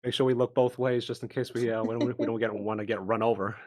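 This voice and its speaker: A man playing a tabletop game, teasing the other players in a quick-witted way. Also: mid-range voice, flat delivery. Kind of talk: casual tabletop chat.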